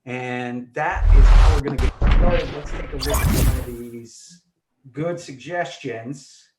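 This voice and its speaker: A man's voice: medium pitch, takes it slowly, very noisy. A man directing a live online improv comedy show, upbeat and full of fillers.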